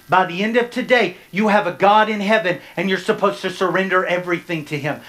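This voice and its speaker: A pastor addresses his congregation from the front of the sanctuary, a little fast and with few pauses. He alternates loud, climbing bursts with quiet, low stretches and keeps posing questions to engage his listeners.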